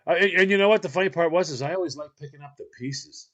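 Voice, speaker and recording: A man telling funny stories in casual chat, animated and laughing, acting out what people said. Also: a little high, fast talker, dull audio. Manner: animated, laughing, acts out quotes in funny voices. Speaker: podcast host.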